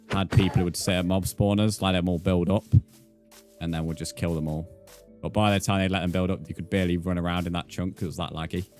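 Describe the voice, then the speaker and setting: A British man with a deep, low-pitched voice talks casually to his stream audience. He rambles along easygoingly, filling gaps with "like" and "uh", and reads out the chat. Soft music plays quietly in the background. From United Kingdom. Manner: easygoing and chatty, many fillers, reads out chat. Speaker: live streamer. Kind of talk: casual live-stream chat while playing a game.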